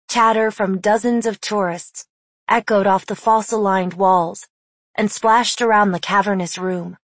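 A woman narrating an audiobook in a measured, hushed, deliberate way on a close studio mic. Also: mid-range voice, no echo.

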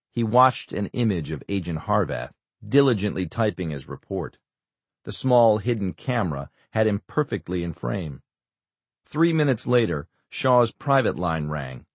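A male audiobook narrator reads in a steady, even storytelling style with a very deep voice. The recording is dry and close, with no room sound. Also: husky, no echo. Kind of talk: scripted narration.

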